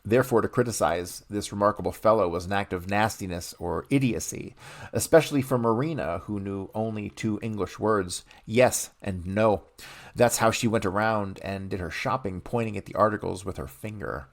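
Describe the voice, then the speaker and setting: Man reading a book aloud, gravelly, lowish voice, blunt asides. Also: moderate pace. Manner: reads aloud, then stops to comment bluntly.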